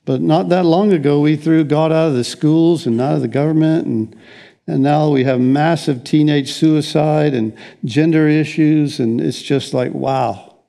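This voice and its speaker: Rambling pastor with a mellow voice. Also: male voice, on the high side, unhurried, gravelly. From United States. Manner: rambling, conversational, frequent restarts. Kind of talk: sermon.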